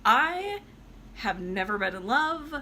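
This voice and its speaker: A woman's voice: fairly high pitch, big pitch swings, slow, bright, forceful tone, slight background noise, full character voice. A woman voicing a flirtatious, sassy party hostess who brushes off a suitor and then scolds herself. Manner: breezy, sassy, talks to herself.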